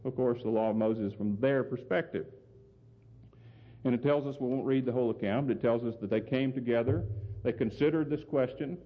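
A man's voice: mid-range voice, fairly quick. A man preaching a sermon and explaining scripture, earnest and emphatic, often putting questions to his listeners. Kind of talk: sermon, Bible exposition. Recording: phone-like sound with long hall reverb.

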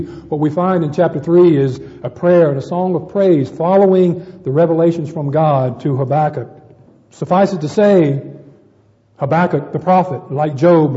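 A man's voice: a little high, dark tone, long reverb tail, highs cut off. A man preaching a sermon to a congregation, addressing them as brethren and often repeating words as he searches for the next.

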